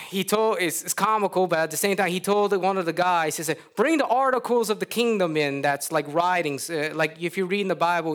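Folksy high-voiced Louisiana preacher. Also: male voice, fairly bright tone. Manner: folksy storytelling, acts out characters. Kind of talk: sermon.

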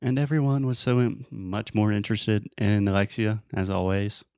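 A young American man with a light Southern accent and a very low voice talks through advice step by step. He sounds relaxed and easygoing. The recording is dry and close. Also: normal speed, clear, resonant tone, dry recording. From United States. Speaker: host. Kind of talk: casual advice chat.

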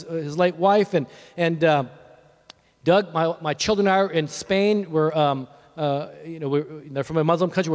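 A man preaching a sermon, building from quiet storytelling to fervent, near-shouted declarations. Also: a little high. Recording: long hall reverb.

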